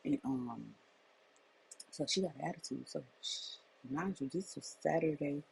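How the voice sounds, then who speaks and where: A woman's voice: sits low, normal speed, gravelly, slight background noise, poor audio. A middle-aged woman, a life coach, telling a personal testimony as a faith message in an emphatic, repetitive storytelling manner.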